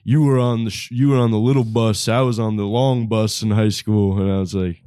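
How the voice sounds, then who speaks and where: A man's voice: lowish voice, brisk, clean tone, dry recording, studio quality. A man telling a story on a podcast, acting out the lines of the people in it and laughing as he goes. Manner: animated storyteller who acts out quoted exchanges, laughing often. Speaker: comedian guest.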